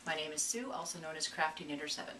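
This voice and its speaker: A woman's voice: deep voice, fast, sharp tone. A woman co-hosting a casual knitting podcast, chatty and self-deprecating, getting over a cold. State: recovering from a cold. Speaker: podcast co-host. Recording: distant mic with faint room noise.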